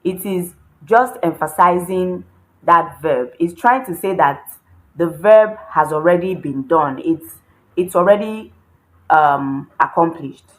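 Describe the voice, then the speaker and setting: A woman's voice: lowish voice, lively intonation, slow, poor audio. A woman teaching a Chinese lesson, explaining words patiently step by step and repeating key points. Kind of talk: language lesson.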